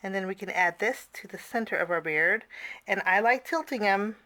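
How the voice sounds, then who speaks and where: A woman's voice: medium pitch, moderate pace, pushed and bright. A woman teaching a casual cardmaking tutorial, chatty, with personal asides and frequent fillers.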